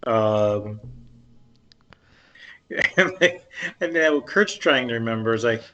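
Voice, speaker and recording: A man's voice: mid-range voice, animated, slow, pushed and bright, highs cut off. A man playing in a tabletop game, talking hesitantly with lots of stumbles and fillers. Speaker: player. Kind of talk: casual chat.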